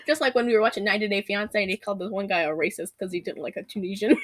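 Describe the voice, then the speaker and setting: A young woman chatting casually, recapping a movie in quick, giggly bursts with lots of laughter. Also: medium pitch. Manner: giggly, rapid-fire, animated storytelling.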